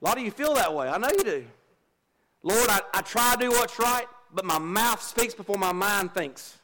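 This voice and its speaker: High-voiced pastor preaching. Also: male voice, lively intonation, normal speed, pushed and bright. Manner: folksy, confessional, jokes with the congregation. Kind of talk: sermon. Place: church.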